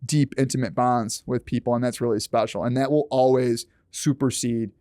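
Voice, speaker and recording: A man talking as a guest on a podcast, animated and swearing often as he acts out quoted lines. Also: mid-range voice, moderate pace, no room sound, studio quality. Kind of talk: casual podcast chat.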